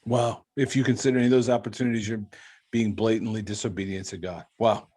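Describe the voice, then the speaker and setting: A man's voice: on the low side, fairly even intonation, fast, warm tone. A man hosting an interview, cheering his guest on with short replies and repeating key lines back. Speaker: podcast host.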